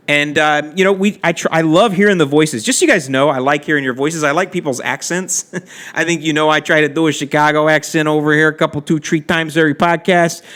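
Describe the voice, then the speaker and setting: A man's voice: a little high, fairly bright tone. A man hosting a casual podcast, answering listener questions with chatty, friendly advice and asides. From Florida. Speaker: podcast host answering lawn care questions.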